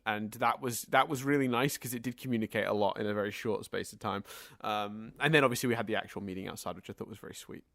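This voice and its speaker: A man in a casual podcast discussion, chatty and rambling as he talks in long winding sentences. His voice sits at a middling pitch. The sound is close and dry, with no room around it. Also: creaky, fairly bright tone, no room sound. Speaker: podcast co-host.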